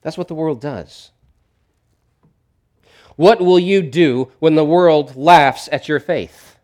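A middle-aged man preaching a sermon in a conversational way, swinging between loud emphatic lines and quiet ones. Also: a little high, slow pace. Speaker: pastor.

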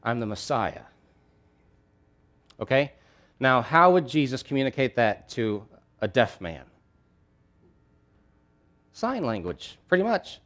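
A male pastor preaches a sermon in a middle-pitched voice. He keeps it conversational and emphatic, breaking off with asides and frequent restarts as he builds his points. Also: big pitch swings, a little slow, long pauses, fairly bright tone.

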